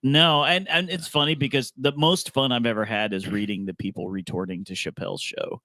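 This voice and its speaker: A man's voice: medium pitch, fairly even intonation, a little fast, bright, forceful tone, no echo, studio quality. A man hosting a podcast in casual chat, joking, laughing often and trailing off mid-thought. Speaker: podcast host.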